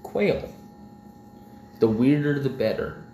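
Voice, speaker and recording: A man's voice: medium pitch, lively intonation, slow pace, mellow, roomy sound, slight background noise. A man co-hosting a podcast in casual chat, laid-back and swearing freely. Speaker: podcast co-host.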